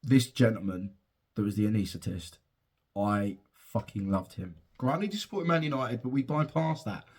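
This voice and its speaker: A man's voice: fairly low pitch, moderate pace, darkish tone, husky. A young father casually telling a heartfelt personal story and swearing freely. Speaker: father and podcast host.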